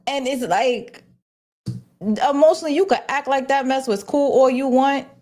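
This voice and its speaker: A woman's voice: sits high, moderate pace, darkish tone. A woman hosting a casual livestream, talking bluntly with plenty of swearing and restarting her sentences as she goes. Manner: blunt and profane, with frequent restarts. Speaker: host.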